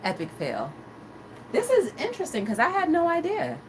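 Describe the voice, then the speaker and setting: A woman hosting a casual livestream talk show, chatting with viewers' comments and acting out quotes in animated stories. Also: high-pitched, moderate pace, slight background noise. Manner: animated storyteller, acts out quotes, laughs often. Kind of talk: casual chat reading live comments.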